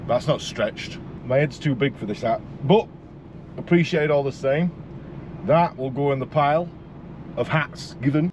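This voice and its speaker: A man's voice: medium pitch, unhurried, darkish tone, a little hiss or hum. A man with a Yorkshire accent, a truck driver vlogging from his cab, ranting and swearing in comic exasperation. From Yorkshire, England. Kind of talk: casual vlog.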